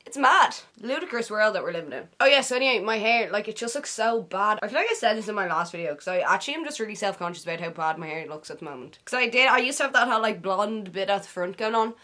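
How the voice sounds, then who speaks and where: A woman's voice: medium pitch, animated, quick pace, few pauses, sharp tone. Chatty young Irish woman vlogging. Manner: chatty, playful, slangy, coins silly words. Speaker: beauty vlogger. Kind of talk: casual get-ready-with-me chat. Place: her bedroom.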